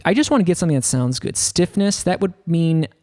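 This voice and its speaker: A man's voice: on the high side, expressive, fast, over loud music. Rambling man teaching a synth plugin. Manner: rambling, loose, full of 'like' fillers. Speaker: music production tutor. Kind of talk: casual software synth tutorial. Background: faint synth keyboard notes.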